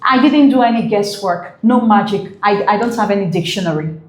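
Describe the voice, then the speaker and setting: A woman's voice: medium pitch, brisk, reverberant. A woman teaching an exam prep English lesson, explaining patiently with many fillers and repeats.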